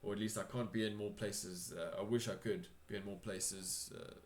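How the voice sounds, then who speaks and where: Man playing a gloomy old hermit, low voice. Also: steady tone, normal speed, natural voice. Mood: worried, gloomy. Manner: hesitant, rambling and gloomy. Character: worried old hermit man, shunned as crazy.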